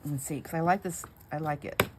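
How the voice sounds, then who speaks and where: A woman's voice: low-pitched, a little fast, background noise. A middle-aged woman chatting casually while she crafts, rambling through a story with frequent "anyhow"s. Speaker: craft vlogger.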